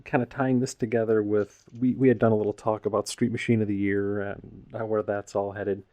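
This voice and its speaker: A man hosting a podcast, prompting his guest with questions and quick asides. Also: on the low side, flat delivery, dark tone. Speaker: podcast host. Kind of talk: casual chat.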